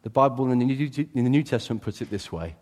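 A man preaching a sermon as a pastor, animated, swinging from loud exclamations to quiet asides. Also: medium pitch, fast. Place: church. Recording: reverberant church hall.

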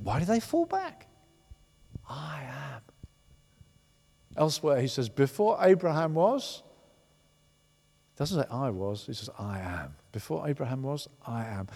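A man preaching a sermon as a pastor, emphatic and animated, often repeating words for stress. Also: a little high. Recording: long hall reverb.

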